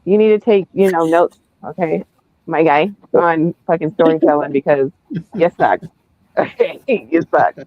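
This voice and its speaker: A woman's voice: sits low, fairly even intonation, normal speed, no echo. Woman ranting about books, swears a lot, sounds like a thin phone line, really dry. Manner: blunt, profane and emphatic when ranting. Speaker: book club host. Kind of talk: casual podcast discussion. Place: remote video call.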